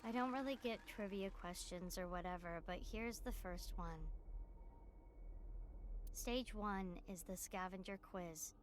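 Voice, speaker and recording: A woman's voice: mid-range voice, a little slow, noisy background, lightly acted. A woman voicing a young quiz host in a video game, reading the questions in a casual, matter-of-fact way. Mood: offhand. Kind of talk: game voice acting.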